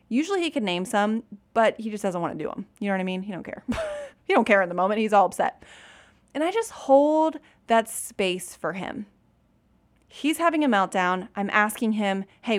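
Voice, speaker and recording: A woman in her thirties who is a mother, giving casual, chatty parenting advice straight to her viewers, often laughing and saying "you guys". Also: mid-range voice.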